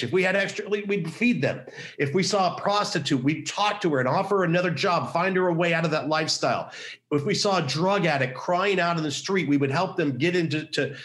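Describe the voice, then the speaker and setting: A man's voice: fairly high pitch, a bit bright. A middle-aged man, an activist guest on a podcast, telling a personal story in an earnest, emphatic way and repeating key phrases. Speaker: pro-life activist guest.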